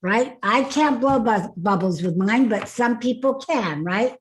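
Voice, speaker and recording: A woman's voice: a little high, expressive, a little slow, a little hiss or hum. A woman coaching a group through voice and face exercises in an online workshop, upbeat and laughing often. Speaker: speaking coach. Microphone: video call.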